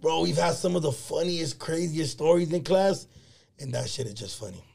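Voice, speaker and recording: A young man co-hosting a podcast, telling a school story in a lively, slangy, laughing way. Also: fairly high pitch, moderate pace, gravelly. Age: young adult. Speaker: podcast co-host. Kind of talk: casual chat.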